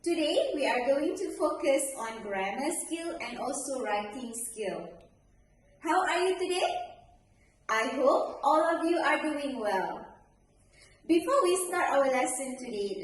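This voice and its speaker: A woman teacher with a high, sing-song voice walks pupils through a grammar lesson, slowly and clearly. She sounds distant from the mic in a very echoey room with faint background noise. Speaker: primary school English teacher.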